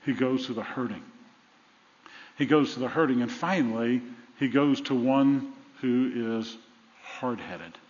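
In a dull-sounding recording with long hall reverb, a male pastor preaches a sermon full of drama and humor, voicing the people in his story. He speaks at a measured pace in a slightly mellow, mid-range voice.

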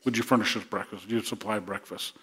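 A man's voice: lowish voice, fairly even intonation, quick pace, pushed and bright. A male pastor preaching a sermon to his congregation in earnest, repeating words as he builds to rousing emphasis.

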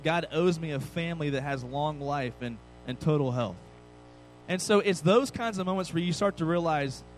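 A man's voice: fairly high pitch, rough recording. A man in his thirties giving a casual, conversational sermon with self-deprecating humor. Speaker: pastor. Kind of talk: sermon with personal story.

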